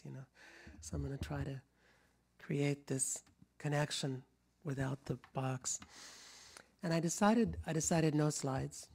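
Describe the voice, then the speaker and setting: With a slightly high, husky voice, this middle-aged public speaker tells stories to a live audience in a lecture room. He grew up in rural Kentucky but now speaks General American, and his warm, rambling talk is full of restarts, chuckles and movement.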